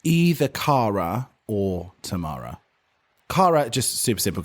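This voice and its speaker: A man co-hosting a podcast, chatting in a camp, animated way and swearing freely. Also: low voice, brisk, breathy edge. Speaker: podcast co-host. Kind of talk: casual chat.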